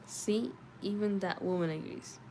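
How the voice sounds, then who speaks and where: A woman with a medium-pitched voice reads a novel aloud late at night, unhurried, with a noisy background. Sleepy and chatty, she chats casually between passages and answers chat comments.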